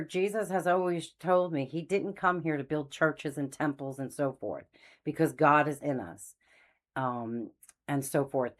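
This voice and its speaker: A middle-aged woman hosting a faith channel, telling her story in a casual, meandering way and losing her train of thought. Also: low-pitched. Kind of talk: casual spoken testimony.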